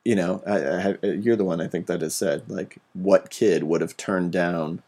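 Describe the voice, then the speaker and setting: A man's voice: sits low, fairly even intonation, normal speed, dark tone. A man hosting a casual podcast chat, ranting animatedly and swearing freely.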